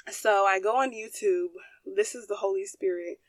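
A young woman shares her story on her podcast, candid and emphatic, talking straight to her listeners. Her voice sits at a middle pitch. The recording is close and dry. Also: normal speed, no echo. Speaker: podcast host. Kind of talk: personal testimony.

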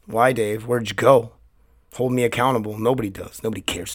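A man hosting his own solo podcast, his voice hoarse and cracking, rambling in a loose, chatty way with plenty of swearing. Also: on the low side, fairly even intonation, brisk. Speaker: podcast host. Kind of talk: casual solo podcast monologue.

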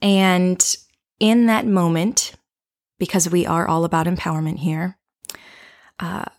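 A woman hosting a show, telling a personal story as a lesson in a playful, animated way, often checking in with "right?" and laughing. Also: on the low side, takes it slowly. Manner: animated, with frequent tag questions. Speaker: podcast host.

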